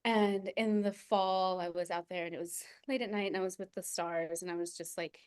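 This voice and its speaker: Reflective woman guest, low-pitched voice. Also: steady tone, normal speed, darkish tone, clean tone, no echo, clean studio sound. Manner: reflective, laughs often, many fillers. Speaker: podcast guest. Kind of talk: reflective conversational storytelling.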